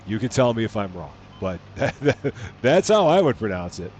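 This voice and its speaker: A man's voice: lowish voice, very animated, measured pace, darkish tone, highs cut off, slight background noise. A man casually chatting while streaming a farming game, playful and given to wondering aloud. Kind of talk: casual live gameplay commentary.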